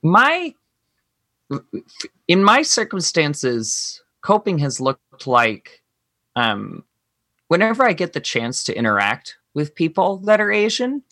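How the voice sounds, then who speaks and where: A man's voice: fairly high pitch, huge pitch swings, slow pace, pauses often, pushed and bright, no room sound. A man speaking as a podcast guest, reflective and earnest, thinking aloud through personal experiences in casual conversation.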